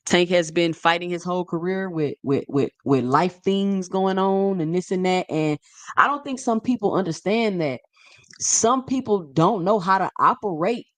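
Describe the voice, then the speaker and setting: Animated, sassy woman commentator in her thirties; slangy, repetitive delivery; dry close-miked sound. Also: medium pitch, no echo. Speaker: boxing commentary vlogger. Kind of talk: casual opinion monologue.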